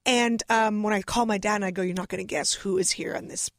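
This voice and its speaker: A woman's voice: mid-range voice, quick pace, dry recording, clean studio sound. A Russian-born woman, a guest comedian whose first language is Russian, telling stories in casual chat and acting out quotes. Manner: animated storytelling, acting out quotes.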